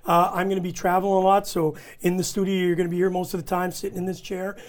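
A man's voice: high-pitched, little pitch movement, quick pace. A man hosting a casual talk show, easygoing and chatty. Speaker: host. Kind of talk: casual chat.

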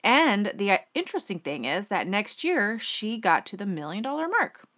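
A woman hosting her own business podcast, telling a personal story in a chatty, animated way and acting out the quotes. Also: medium pitch, normal speed. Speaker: podcast host.

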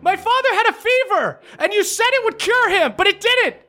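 A game master voicing a desperate young girl who shouts and pleads. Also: very high-pitched, lively intonation, normal speed, faint music behind, voice pushed up, heavily acted. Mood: pleading.

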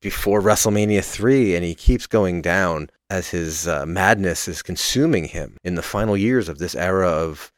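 A man giving a casual, animated recap of a wrestling match as a podcast contributor, swearing freely and swinging between loud and quiet. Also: low voice, normal speed, hardly any pauses, no room sound, clean studio sound.

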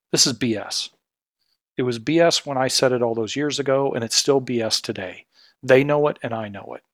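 A middle-aged man delivers a scripted podcast commentary, earnest and increasingly indignant. His voice sits at an ordinary pitch and is recorded close and dry, with no room sound around it. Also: no room sound. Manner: earnest and indignant, building to pointed outrage. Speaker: podcast host, healthcare consultancy CEO.

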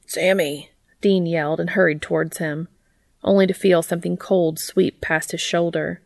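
A woman reading fiction aloud as a narrator, in a steady, even way. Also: lowish voice, normal speed, vocal fry, dry recording. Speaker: audiobook reader.

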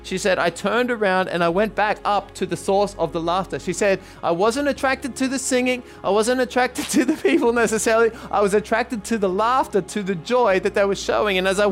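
A man preaching as a pastor, telling a testimony and leading prayer in an earnest, halting way with many ums. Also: high voice. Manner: earnest, repeats himself, frequent ums. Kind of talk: sermon with retold testimony and prayer.

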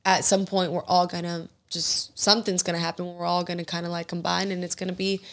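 A young woman hosting a podcast, chatting casually and telling stories in an animated way. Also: fairly low pitch, fairly quick. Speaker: podcast host. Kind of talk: casual chat.

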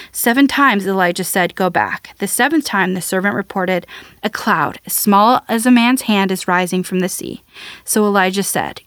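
A woman's voice: medium pitch, fairly bright tone, no echo. Woman reading scripture, dry close sound. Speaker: Bible reader.

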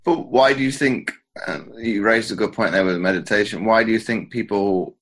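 A man hosting a podcast, chatting casually and halting often as he searches for words. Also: on the low side, a bit bright. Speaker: podcast host. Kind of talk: casual interview chat.

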